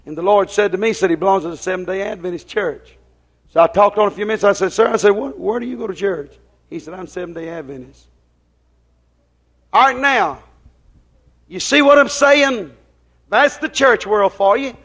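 A male preacher with a strikingly high-pitched voice delivers a rambling, folksy sermon. He keeps asking his listeners whether they understand him and slips into retold conversations. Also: fairly quick, fairly bright tone. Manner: folksy, rambling, drops into quoted dialogue; questions the congregation often.

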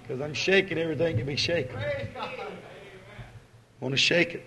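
Preacher, male, fairly high-pitched, folksy, alternates booming calls and soft asides. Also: lively intonation, measured pace, pauses often. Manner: folksy, swinging from loud exhortation to quiet asides. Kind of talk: sermon.

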